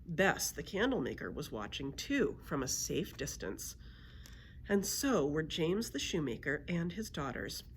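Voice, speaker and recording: A woman librarian reading a children's book aloud with expressive storytelling narration. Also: sits low, a little slow, slight background noise.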